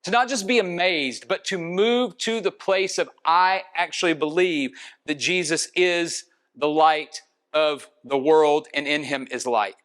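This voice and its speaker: Earnest and convinced, a pastor delivers his sermon in a high voice with a fairly bright tone. He works steadily through each point and lingers on key phrases, slowing his pace to make them land.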